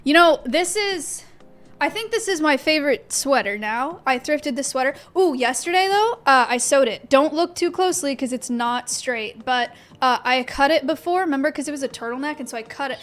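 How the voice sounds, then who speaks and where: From her home office, a young woman livestreams and chats with her viewers, rambling along with plenty of fillers and restarts. Her voice is high-pitched and expressive, and she keeps a moderate pace.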